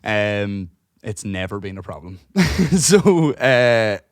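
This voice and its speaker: Male co-host, low voice, close dry sound, lively storyteller who swears freely. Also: slow pace, dry recording. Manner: animated, swears freely, acts out quotes. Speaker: podcast co-host. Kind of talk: casual storytelling chat.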